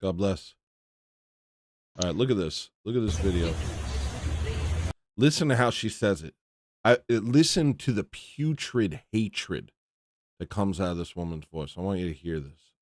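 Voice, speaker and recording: A man hosts a casual livestream in a lowish voice, recorded dry and close. He talks bluntly, often in an indignant tone, and rambles from one thought to the next. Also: expressive, measured pace, pauses often, darkish tone, dry recording. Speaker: livestream host.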